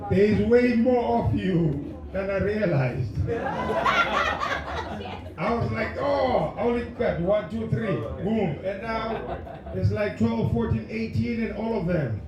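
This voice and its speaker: Male stand-up comic working the crowd with shouted bursts, voice a little off-mic in a live room. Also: sits high, takes it slowly, long pauses, muffled recording. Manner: loud crowd work, sudden shouted bursts. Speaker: stand-up comedian. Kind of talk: stand-up comedy set. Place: comedy club stage. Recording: roomy live venue, mic at distance, audience. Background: laughing audience.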